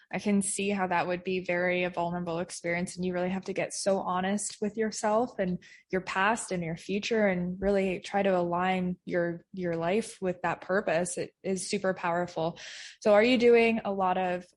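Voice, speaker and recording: A woman's voice: lowish voice, steady tone, moderate pace. Female podcast host, affirming and curious, casual interview delivery. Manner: friendly, affirming, asks open questions. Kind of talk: interview conversation.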